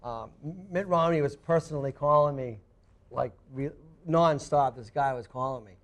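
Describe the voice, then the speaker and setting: A middle-aged man, a guest fisherman on a studio talk show, telling stories in an animated way and laughing through them. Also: medium pitch, normal speed. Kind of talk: animated storytelling. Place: TV studio with live audience.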